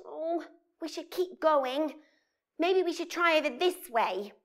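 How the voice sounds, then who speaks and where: A woman's voice: high-pitched, animated, takes it slowly, fairly bright tone. A woman leading an interactive children's story session, theatrical and wide-eyed, full of gasps and exclamations.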